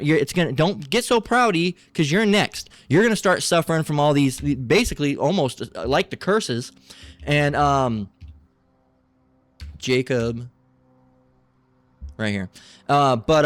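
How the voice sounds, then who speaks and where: A man preaching from scripture, reading verses aloud and breaking into halting, combative and mocking commentary with profane asides. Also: a little high, dry recording. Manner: halting, many restarts between readings.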